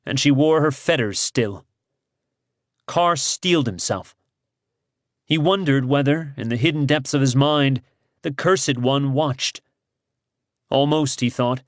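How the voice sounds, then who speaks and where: A male audiobook narrator tells the tale at an unhurried, deliberate pace. His delivery is measured and dramatic, recorded close and dry with no room around it. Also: mid-range voice, no echo. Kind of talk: scripted narration.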